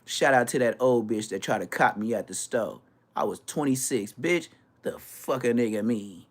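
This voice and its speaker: A man from Florida, a YouTuber, ranting casually with brash, profane talk and quick mimicry of other people. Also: mid-range voice. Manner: animated, brash, swearing, mimics others' voices.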